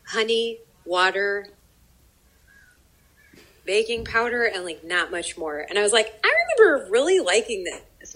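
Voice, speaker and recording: A woman's voice: mid-range voice, rough recording. A young woman, a professional baker, chatting casually with many fillers while tasting a cake. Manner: rambling, many fillers, lively.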